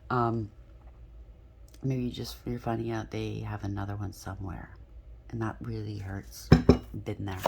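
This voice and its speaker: A woman's voice: rumbling low, level tone, unhurried, vocal fry, long pauses, heavy background noise. A woman doing a collective tarot reading, talking bluntly and frankly, often checking in with "okay?". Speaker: tarot reader.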